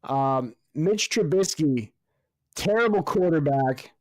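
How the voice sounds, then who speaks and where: A man's voice: fairly high pitch, animated, slow pace, darkish tone, dry recording. A man co-hosting a casual sports podcast, jokey and laughing often, with some swearing. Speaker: podcast co-host.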